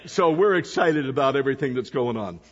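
A man's voice: medium pitch, lively intonation, a little fast, fairly bright tone, slightly rough, big-room sound, dull audio. A man preaching as a visiting pastor to a church congregation, telling stories and asking the people questions. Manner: storytelling, asks the congregation questions. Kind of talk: sermon. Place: church sanctuary.

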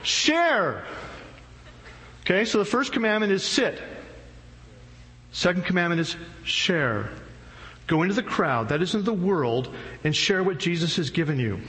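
A man's voice: high voice, very animated, measured pace, pauses often, bright, forceful tone. A male pastor preaching a sermon in a casual, slangy, humorous storytelling way. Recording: long hall reverb, faint noise.

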